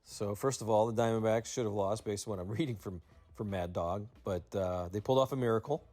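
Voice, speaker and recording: A man's voice: on the low side, fairly quick, a little mellow, faint music behind. A man hosting his channel and casually recapping a radio show, rambling and laughing as he retells it. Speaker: channel host.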